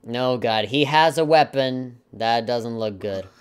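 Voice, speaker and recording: A man's voice: medium pitch, slow pace, clean tone. Sarcastic man reading game dialogue. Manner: sarcastic, mock-dramatic, chuckling asides. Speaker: let's play commentator. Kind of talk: reading game text aloud with joking commentary.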